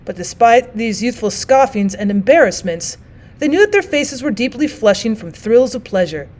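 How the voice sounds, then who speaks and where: A woman teacher reading a classic novel aloud in clear, expressive audiobook narration. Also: fairly high pitch, normal speed.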